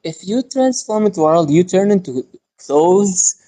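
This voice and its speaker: Picture a blunt young adventurer woman, teasing her friends in a joking way rather than an annoyed one, as a player puts her on in a tabletop game. The pitch sits mid-range and her delivery stays casual. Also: animated, measured pace, dark tone. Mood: puzzled.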